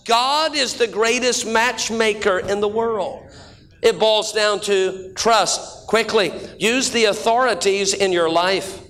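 A middle-aged male pastor preaching a sermon full of folksy jokes and stories, speeding up and then slowing down for emphasis. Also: high voice, a bit bright. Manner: folksy joking preacher, shifting between quick and slow drawn-out delivery.

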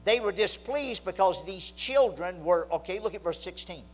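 A man preaching a sermon, telling a story that swings from loud excitement to low, hushed emphasis. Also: moderate pace, low-quality recording.

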